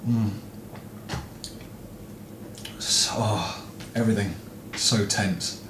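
A man's voice: fairly low pitch, steady tone, drawn-out words, roomy sound, background noise. A young man commenting on a horror game as he plays, jumpy and frustrated, swearing often. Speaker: gaming video host.

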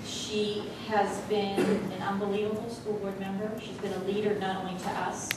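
A woman giving a halting tribute speech at a school board meeting, with many fillers. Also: mid-range voice, flat delivery. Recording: echoey hall, mic from far off, noisy.

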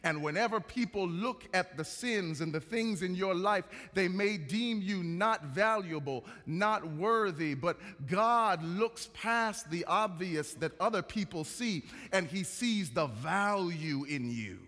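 A man's voice: sits high, lively intonation, slow pace, hardly any pauses, bright, forceful tone. A man preaching a sermon in a rhythmic cadence that builds and rises. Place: large church hall. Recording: long reverb of a large hall.

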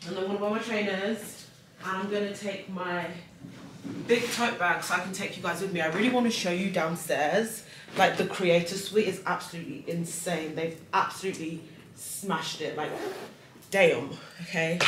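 A young woman travel vlogger chats casually to camera at normal speed while getting ready in a hotel room, joking about herself as she talks to viewers. Her voice is on the low side, and the recording is distant, echoey, and noisy.

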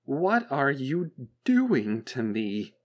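A man's voice: medium pitch, fairly bright tone, lightly acted. Icy female AI, as a male reader puts her on. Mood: bewildered anger. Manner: icy, slow and clipped. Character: cold, cutting female AI in charge of a facility. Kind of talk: audiobook character voice.

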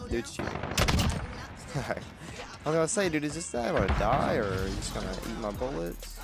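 A man's voice: medium pitch, very animated, normal speed, creaky. A man giving casual gameplay commentary, exasperated and trash-talking. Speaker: gamer commenting on his own play. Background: loud game music and gunfire.

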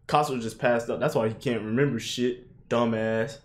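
A young man reacting to an anime episode in casual commentary, swearing a lot, shouting "yo" and "bro" and bursting into high laughing yelps. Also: normal speed. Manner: excitable, swearing, frequent "yo" and "bro" exclamations.

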